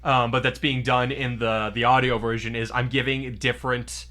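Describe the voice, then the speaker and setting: A man's voice: mid-range voice, little pitch movement, normal speed, sharp tone. A man from New Mexico hosting a casual podcast, explaining at length and often correcting himself. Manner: rambling, self-correcting explainer. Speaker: podcast host and audio drama narrator.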